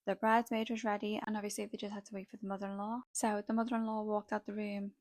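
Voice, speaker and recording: A young woman spills a wild story in a dramatic, gossipy chat, peppered with "like". Her voice sits at an ordinary middle pitch, and the sound is close and dry with no room around it. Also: flat delivery, fast talker, darkish tone, dry recording. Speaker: makeup artist vlogger.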